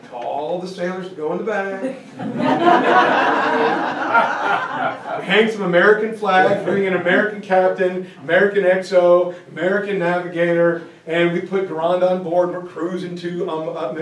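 A man's voice: sits high, a little slow, slight background noise. Give me a male lecturer telling history as a funny story, recorded from far off in a room. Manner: animated, joking storytelling with acted-out voices. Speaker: teacher. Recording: roomy, from far off.

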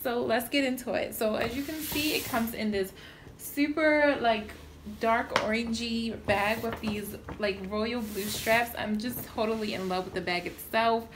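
Chatty, excitable young woman vlogger. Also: on the high side, a little slow, a little hiss or hum. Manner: chatty and excitable, animated storytelling. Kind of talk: casual chat.

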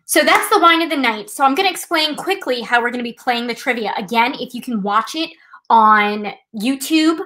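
A woman's voice: fairly high pitch, animated, normal speed, background noise. A woman hosting a live trivia night, chatting casually and explaining things step by step with a self-deprecating touch. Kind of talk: casual live-stream demonstration.

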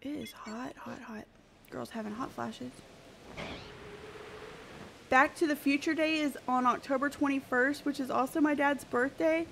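A woman's voice: sits high, unhurried, creaky, long pauses, noisy background. A woman live-streaming a game, chatting playfully with her viewers. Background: background music.

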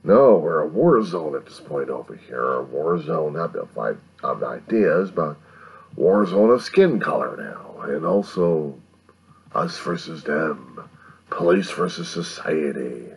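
A man in his fifties from the United States rambles through a late-night monologue to a camera he set up himself at home, musing and grumbling while keeping his voice down so the neighbors won't wake. His bass voice is husky and slow, with a lively intonation.

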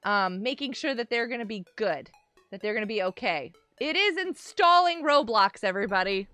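A bright, high-voiced young woman chats to her stream viewers in a bubbly, giggly way. Her pitch swings up and down a lot as she talks. Faint music plays underneath. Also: expressive, normal speed, no room sound. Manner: bubbly, chatty, laughs often, talks to chat. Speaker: livestream host. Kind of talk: casual gaming livestream chat.

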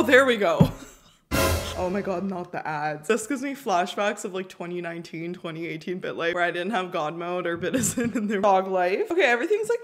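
A young adult woman giving casual, chatty commentary to her viewers as she plays a mobile game, reading its text aloud between quick, giggly asides. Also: mid-range voice, fairly bright tone. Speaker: YouTuber playing a mobile life-sim game.

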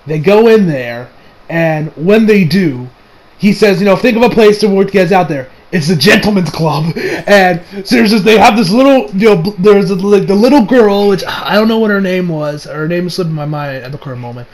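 Talking fairly quickly, a high-voiced young man rambles through a relaxed spoken review of a movie. He turns excitable and curses freely, and when quoting people he jumps into squeaky, mocking voices.

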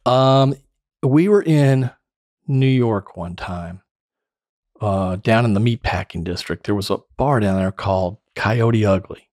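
A man's voice: fairly low pitch, measured pace, dry recording, clean studio sound. A middle-aged man telling stories with lots of laughter as a podcast guest. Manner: animated storyteller, laughs often. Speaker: podcast guest, former sales director. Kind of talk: casual storytelling interview.

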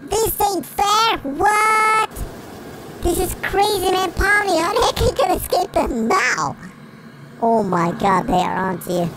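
A cheeky cartoon chipmunk gives giggly, exclamatory let's play commentary on a Roblox game. A sped-up pitch effect makes the voice very high and squeaky, and its pitch leaps around constantly. The recording has clear background noise. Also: animated, a little slow, exaggerated voice. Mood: giddy. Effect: sped-up high chipmunk pitch shift.

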